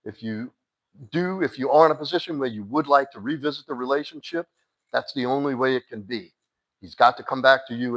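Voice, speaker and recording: A man coaching a listener through a breakup, blunt and insistent. He keeps his voice at an ordinary middle pitch. His talk is casual and direct, with the odd curse word dropped in. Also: fairly bright tone, low-quality recording. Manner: addresses a listener by name, firm and insistent. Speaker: dating coach. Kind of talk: live-stream advice talk.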